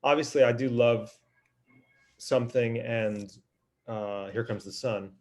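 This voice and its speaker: A man's voice: medium pitch, a little slow, darkish tone. A man co-hosting a podcast, chatting enthusiastically about favorite songs, with plenty of ums and restarts. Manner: enthusiastic, hesitant with many ums. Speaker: podcast co-host, musician. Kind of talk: casual chat about music.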